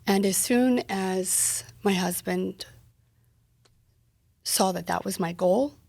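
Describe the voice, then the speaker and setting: A woman's voice: medium pitch, slow, creaky, a little mellow, no room sound. A woman guest on an interview podcast, candidly retelling a personal story and quoting the dialogue in it.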